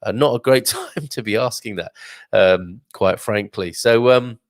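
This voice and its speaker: Man hosting a casual live show, chatty and rambling, lower pitch, very dry close-mic sound. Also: expressive, measured pace, no room sound. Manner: chatty, rambling with many fillers and asides. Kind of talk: casual live-stream chat reading viewer comments.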